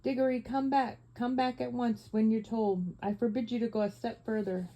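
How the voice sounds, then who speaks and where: A cowardly, fussy old man calls out in a trembling, peevish tone, bossy yet afraid, as a woman puts him on. His voice sits high above the narration. It is part of a classic-story audiobook. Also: fairly even intonation, moderate pace, dark tone, close to an everyday voice, rough recording. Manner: shaky, peevish and commanding.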